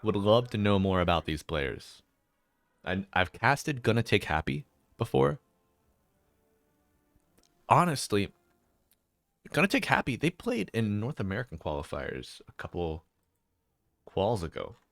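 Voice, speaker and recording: Chill low-voiced dude casting a draft, chatty, dry close sound. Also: male voice, sing-song, measured pace, gravelly, long pauses, no echo. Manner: chatty, laid-back, reads out chat names. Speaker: esports caster. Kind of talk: casual live-stream commentary.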